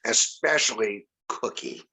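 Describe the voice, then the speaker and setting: Older male guest, sixties, bright tone, chatty and rambling with many restarts. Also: on the low side, unhurried, vocal fry, husky, rough recording. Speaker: podcast guest. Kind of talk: casual chat.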